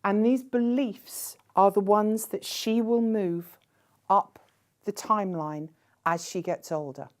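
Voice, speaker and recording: A woman giving a conference keynote speech in a measured way, posing rhetorical questions to the audience. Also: medium pitch. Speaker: keynote speaker.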